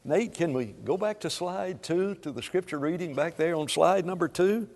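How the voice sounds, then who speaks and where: A man preaching a sermon to a congregation, swinging between hushed lines and loud, drawn-out emphasis. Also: on the high side, expressive, gravelly. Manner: dramatic swings from soft to loud, slow emphatic phrasing. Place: church sanctuary. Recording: long hall reverb.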